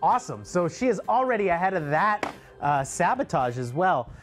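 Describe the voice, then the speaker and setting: Low-voiced chatty woman host. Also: expressive, normal speed, soft background music. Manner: upbeat, laughs often, chatty. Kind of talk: live show hosting.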